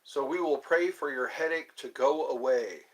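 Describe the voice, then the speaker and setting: A man's voice: fairly high pitch, moderate pace, slightly rough, low-quality recording. A man live-streaming in a casual chat, reading viewer comments aloud and rambling playfully with frequent giggles.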